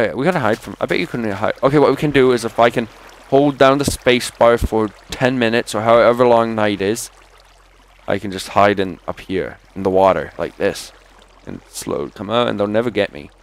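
A man with a somewhat low voice talks through a video game live in an offhand, rambling way. He chats to his viewers between moves and lets out quick, jumpy exclamations when something startles him. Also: vocal fry, slight background noise. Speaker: gaming commentator. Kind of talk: live let's-play commentary.

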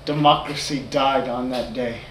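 A man's voice: mid-range voice, fairly even intonation, moderate pace, a bit bright, a little hiss or hum. A man in a home comedy video, ranting angrily about politics. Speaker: family member in a home video. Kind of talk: comic rant imitating a relative. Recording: echoey room, from a distance.

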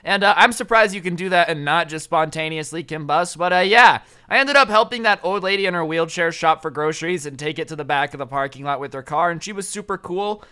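A man's voice: on the high side, brisk, few pauses, sharp tone, clean tone. A young adult man telling a story in a casual vlog, chatty and slangy with lots of asides. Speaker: storytime vlogger.

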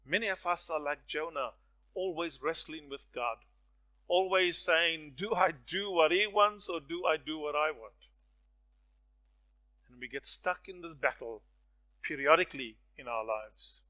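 A man preaching a sermon, swinging from hushed lines to loud, stirring ones and acting out the voices in his stories. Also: fairly high pitch, measured pace, low-quality recording. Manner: dramatic swings from soft to loud; storytelling with acted voices.

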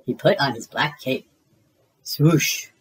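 A reader narrating children's picture books aloud in a lively storybook manner. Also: medium pitch, rough recording. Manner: slow, lively storybook reading.

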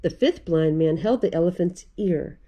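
A woman's voice: fairly low pitch, normal speed, dark tone, breathy edge. A woman librarian reading a picture book aloud to children, playful and laughing often.

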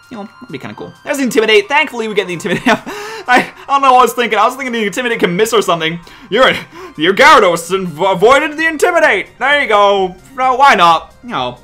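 Excitable young man with a bright voice. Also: sits high. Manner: exasperated, self-mocking, talks to his opponent. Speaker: gaming commentator. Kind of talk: live game commentary.

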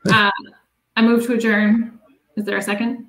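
A woman chairing a committee meeting over a video call, briskly reading out figures and running procedure. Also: a little high. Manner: brisk, reads figures in a steady list. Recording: echoey room.

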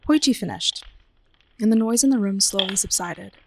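A woman librarian reading a ghost story aloud in an expressive, dramatic storytelling manner. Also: medium pitch, normal speed, gravelly, no room sound, low-quality recording.

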